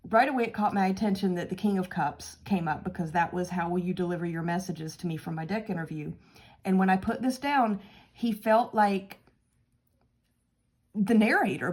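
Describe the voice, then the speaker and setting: A woman's voice: mid-range voice, darkish tone. A woman hosting her own tarot channel, chatting casually and laughing as she talks through a card reading.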